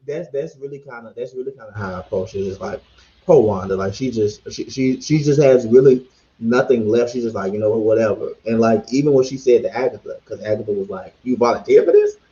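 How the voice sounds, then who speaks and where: A man's voice: mid-range voice, fairly quick, dark tone, muffled recording. A man talking as a podcast guest in a laid-back, slangy casual chat.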